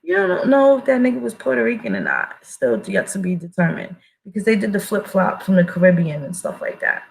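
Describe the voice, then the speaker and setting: A woman's voice: mid-range voice, very animated, fairly quick, vocal fry, hardly any pauses, low-quality recording. A woman giving a blunt, profane casual monologue as an online commentator, emphatic and full of restarts.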